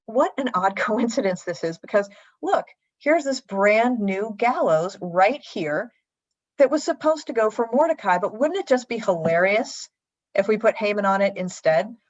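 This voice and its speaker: A woman's voice: medium pitch, lively intonation, normal speed, no echo, lightly acted. A woman voicing a smug male palace servant who speaks slyly and mockingly, on a dull lo-fi livestream. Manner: sly, mocking.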